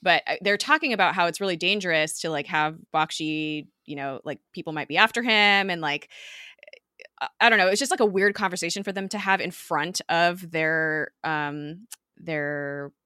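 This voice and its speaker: A woman's voice: on the low side, moderate pace, sharp tone, smooth, dry recording, clean studio sound. A young woman hosting a podcast, casually recapping a TV episode with lots of fillers and laughter. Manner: chatty, many fillers, frequent laughter. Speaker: podcast host.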